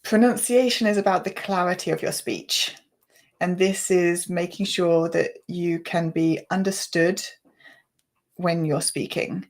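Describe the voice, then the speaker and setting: A woman teacher explaining pronunciation in a patient, measured way as a guest in a conversation. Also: fairly low pitch, fairly even intonation. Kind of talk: explanatory chat.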